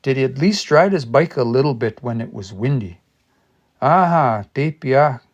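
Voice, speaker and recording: A man studying a language on a casual livestream, thinking aloud and sounding out new words slowly and repeatedly. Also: medium pitch, animated, muffled recording. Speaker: language teacher.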